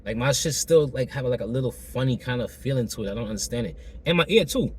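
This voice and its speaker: A man with a hoarse, still-recovering throat tells a personal story to camera in a loose, slangy way, repeating himself and acting out the exchanges. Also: medium pitch, expressive, fast talker, slight background noise. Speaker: vlogger telling a personal story.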